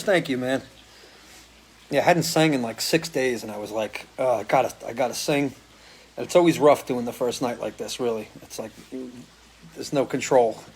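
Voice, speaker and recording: A middle-aged man from the US Northeast, a musician hosting a relaxed live stream from a porch, greeting viewers by name one after another, his voice a bit worn from singing. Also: mid-range voice, slightly rough. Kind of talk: casual chat greeting viewers. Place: porch at home.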